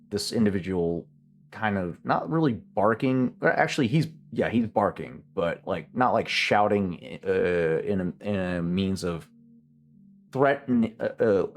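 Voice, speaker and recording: A man running a tabletop role-playing game as game master, narrating scenes in a halting way with many restarts. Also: on the low side.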